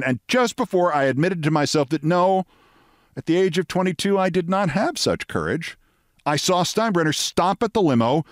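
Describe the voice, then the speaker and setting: A man in his sixties hosting a show, telling a personal story with vivid detail and dramatic pauses. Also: medium pitch, no echo, clean studio sound. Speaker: host.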